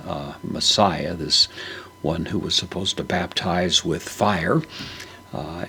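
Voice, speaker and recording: A man giving a verse-by-verse Bible word study, speaking slowly and deliberately with frequent fillers. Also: sits low, gravelly, fairly bright tone, a little hiss or hum. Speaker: Bible teacher.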